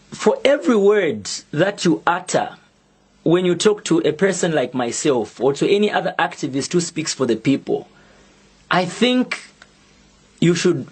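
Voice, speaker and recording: Slow, deliberate Zambian man. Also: high voice, husky. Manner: slow, deliberate and emphatic, with pointed pauses. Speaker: activist. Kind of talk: public video statement.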